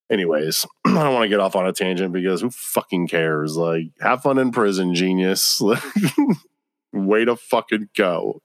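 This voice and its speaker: A man's voice: medium pitch, no echo, clean studio sound. Profane ranting guy. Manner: profane, exasperated ranting full of slang. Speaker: podcast host. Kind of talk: casual solo podcast rant.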